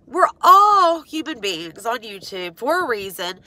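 A woman's voice: fairly high pitch, very animated, unhurried, hardly any pauses, pushed and bright. A woman ranting to her viewers in a casual vlog, congested and stuffed up, rambling with many "um"s and restarts, frank and exasperated. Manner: exasperated, pleading. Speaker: vlogger. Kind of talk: casual rant to camera.

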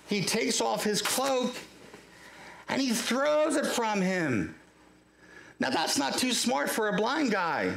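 A man's voice: on the high side, creaky, a bit bright. A male pastor preaching a sermon, telling the story with acted-out cries and asides to the congregation. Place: church sanctuary. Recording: echoey church live stream.

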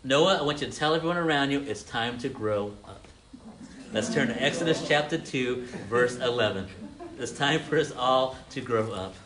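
A man preaches an interactive sermon to his congregation, calling on listeners by name, repeating their answers, and often restarting his words. His voice is mid-range and expressive, delivered at a moderate pace.

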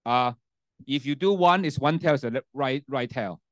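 A man's voice: medium pitch, normal speed, a bit bright, dry recording, clean studio sound. Man lecturing, peppered with "okay?". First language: Cantonese. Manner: frequent "okay?" and "right?" checks, restarts. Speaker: university lecturer. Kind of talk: classroom lecture with software demo. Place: university classroom. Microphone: handheld mic, sometimes set down.

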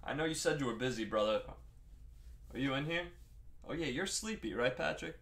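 Young long island guy hosting a card break stream, buddy-buddy with chat, bright voice, bit of noise. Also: mid-range voice, expressive, fairly quick, vocal fry. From Long Island, New York. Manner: casual, chummy, talks to viewers by name.

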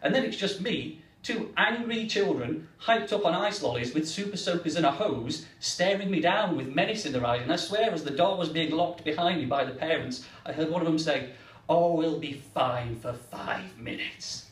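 English comedian doing stand-up, lively high voice, echoey room, sounds far off. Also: male voice, a little fast, few pauses. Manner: animated, acts out the characters.

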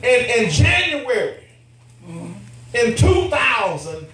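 A man preaching a sermon as pastor, animated and laughing as he acts out his talks with God. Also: extremely high pitch, takes it slowly, far from the mic. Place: church. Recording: echoey church from afar.

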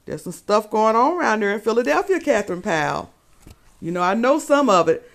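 A woman's voice: fairly high pitch, animated, a little fast, vocal fry. A woman hosting a live stream, gossiping about a clip and greeting viewers by name. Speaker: livestream host. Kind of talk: casual commentary on a live stream.

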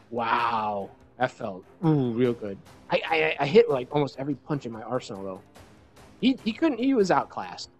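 A young man giving excited let's play commentary on a fighting game, shouting and laughing at the big hits. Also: mid-range voice. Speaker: gaming YouTuber.

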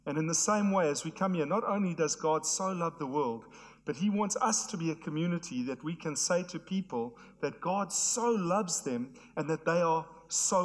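A hoarse man, preaching an earnest sermon to his church. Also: on the high side. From South Africa. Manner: earnest, repetitive emphatic phrasing. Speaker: pastor. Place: church hall. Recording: long hall reverb.

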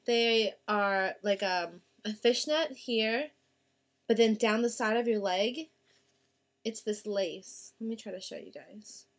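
A young woman vlogger chatting casually through a shopping haul, gushing over her finds with drawn-out words. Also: medium pitch. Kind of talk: casual haul video chat.

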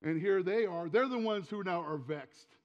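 High-voiced preacher in a reverberant church. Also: male voice, normal speed. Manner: emphatic, repeats words, drops to a quiet intimate tone. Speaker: pastor. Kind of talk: sermon. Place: church sanctuary. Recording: long hall reverb, dull lo-fi sound.

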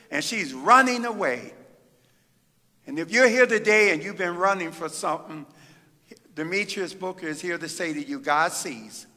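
A middle-aged man from the Midwest, a pastor delivering a fervent sermon with drawn-out phrases and pauses in a church sanctuary. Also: high voice, pushed and bright. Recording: reverberant church hall.

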